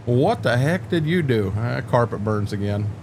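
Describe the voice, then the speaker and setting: A man's voice: mid-range voice, lively intonation, a little slow, darkish tone, soft background music. An older man talking casually to viewers on a live stream, rambling in a folksy, joking way and repeating himself.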